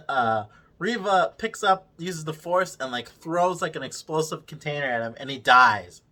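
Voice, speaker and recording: A man's voice: on the high side, pushed and bright. A man hosting a casual review, ranting with constant profanity and exasperated sarcasm. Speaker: show host reviewing a series.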